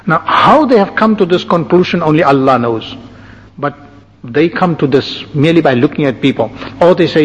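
A man's voice: on the high side, lively intonation, slightly rough. A man giving a sermon as a religious teacher, lecturing point by point with frequent asides. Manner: measured lecturing with lists and asides. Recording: lo-fi with long hall reverb.

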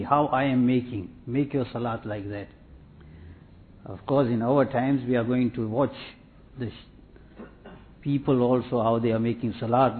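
A man giving a sermon in a measured, repetitive preaching cadence, telling anecdotes. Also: mid-range voice, slight background noise. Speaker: Islamic preacher. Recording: tinny phone-like audio.

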